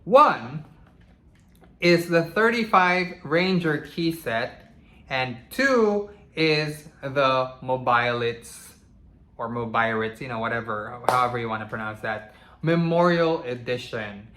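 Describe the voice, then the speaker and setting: A man talks through a toy review in a loose, chatty way, scattering casual asides as he goes. His voice is bright and forward, and it rings off the walls of an echoey room. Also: on the high side, slow. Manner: chatty, relaxed, many "you know" asides. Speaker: toy reviewer, channel host.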